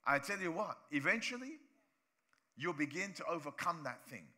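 A male pastor from preaching a sermon in church, animated, acting out voices of people he talks about. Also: a little high, moderate pace.

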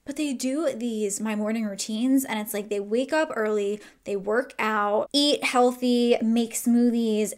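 A woman's voice: medium pitch, vocal fry. A woman in her twenties chatting casually while doing her makeup at home, rambling and filling her talk with "like". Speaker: beauty vlogger. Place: home, getting ready.

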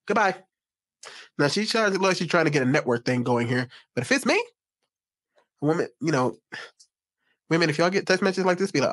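A man with a fairly high voice gives live reaction commentary as a streamer. He talks bluntly and swears freely, speaking straight to the people watching. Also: a bit bright. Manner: blunt and profane, addresses the audience directly. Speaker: streamer reacting to text messages.

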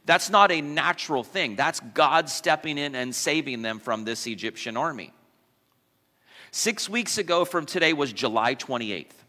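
A man's voice: fairly high pitch, expressive, unhurried, pushed and bright. A male pastor preaching a sermon in a casual, conversational way, asking the congregation questions and adding light asides. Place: church sanctuary. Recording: long church reverb.

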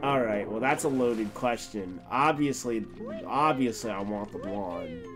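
A man streaming a video game live, reacting loudly and crudely and talking back to the characters on screen. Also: mid-range voice, measured pace, over music. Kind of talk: live gameplay commentary.

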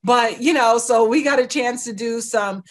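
A middle-aged woman from the United States with a fairly high voice, telling her personal story as an interview guest. She speaks with emphasis and brings in the voices of the people in her story, often pausing on "you know" and "right.". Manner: emphatic, acts out quoted dialogue, peppers talk with "you know" and "right". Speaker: guest, lawyer.

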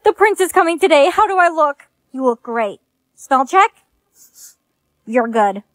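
A woman acting in comedic POV skits with a quiet, matter-of-fact delivery. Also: sits high, very animated, measured pace, no echo. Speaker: skit creator.

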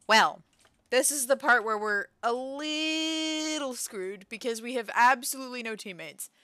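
A woman streaming a video game, chatting casually, laughing often and reacting excitedly to what she finds. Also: fairly high pitch, a little slow, clean tone. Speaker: gaming streamer. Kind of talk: casual let's-play commentary.

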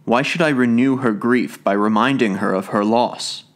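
A stern old gentleman speaks with hard, grieving suspicion, as a man reading a storybook puts him on. His tone is clipped and heavy, the voice of a proud father weighed down by loss. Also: mid-range voice, moderate pace, lightly acted. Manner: angry then sorrowful.

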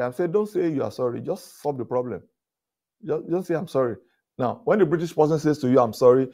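Male pastor, conference talk, lively storytelling, chuckles, rises loud for emphasis, mid-pitched voice. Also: vocal fry. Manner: repeats words, chuckles between points. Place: conference stage before an audience.

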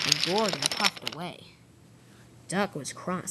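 A woman's voice: on the low side, moderate pace, a bit bright, slightly rough, low-quality recording. A woman narrating a homemade toy train story plainly, often restarting her lines. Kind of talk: unscripted storytelling.

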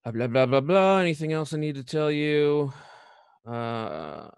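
A man acting as dungeon master, relaxed and chuckling, often pausing on fillers as he explains the rules. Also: medium pitch, vocal fry, clean tone, no echo. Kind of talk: running a tabletop game.

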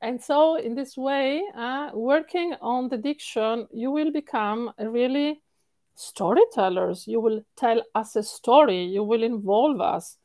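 A woman with an Italian accent, a singing coach answering interview questions in an animated way, repeating words for stress and laughing often. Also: fairly high pitch, measured pace, dry recording.

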